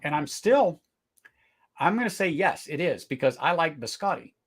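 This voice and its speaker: A middle-aged man hosting a live whisky tasting, talking casually, searching for words, then bursting into excited exclamations. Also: on the high side, moderate pace, slightly rough. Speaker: whisky tasting livestream host.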